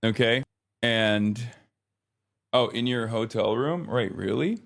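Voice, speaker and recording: A man's voice: mid-range voice, slow pace, gravelly, a bit bright. A man in his thirties chatting casually on a live stream, rambling, often exasperated, swearing now and then.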